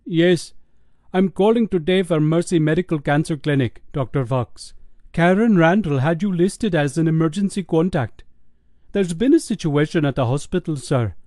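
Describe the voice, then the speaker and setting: Brief: polite middle-aged doctor with an Indian accent, raised pitch and mellow tone, put on by a male narrator. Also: moderate pace, no room sound, studio quality, natural voice. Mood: formal concern. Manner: formal, courteous phone manner. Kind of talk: audiobook character voice.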